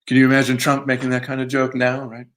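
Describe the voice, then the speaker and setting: A man's voice: mid-range voice, completely flat delivery, quick pace, a bit bright. An American man reading from his book in an academic tone, with self-mocking asides and frequent fillers. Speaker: author giving a book reading.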